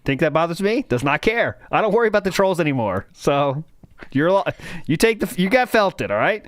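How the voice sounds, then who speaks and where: A man's voice: fairly high pitch, sing-song, a little fast. A man hosting a casual podcast, rambling and joking as he reads out chat comments. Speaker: podcast host.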